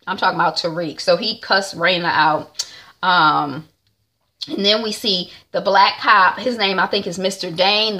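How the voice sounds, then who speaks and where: A woman's voice: medium pitch, sharp tone. A woman recapping a TV episode in a chatty way, acting out the characters' lines. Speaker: TV recap vlogger.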